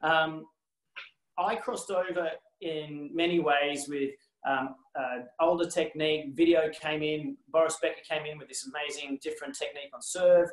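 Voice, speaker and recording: Australian ex-athlete guest, lively anecdotes, restarts, roomy echo on a video call. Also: male voice, fairly high pitch, moderate pace. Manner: animated anecdotes with many restarts and laughs. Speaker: former tennis player, guest. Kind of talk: casual storytelling on a video call.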